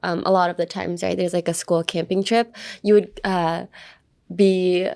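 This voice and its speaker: A young woman with a lowish, smooth, slightly mellow voice hosts a casual podcast lesson on English pronunciation. She speaks at a normal pace with vocal fry and little pitch variation, chatting playfully and repeating words again and again to show how they sound. English is her first language.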